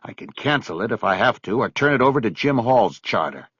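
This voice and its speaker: A man voicing a middle-aged man who talks in a curt, forceful way, close to his own low voice. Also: animated, brisk, breathy edge, no echo, muffled recording. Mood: angry. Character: angry, clipped middle-aged man holding back rage.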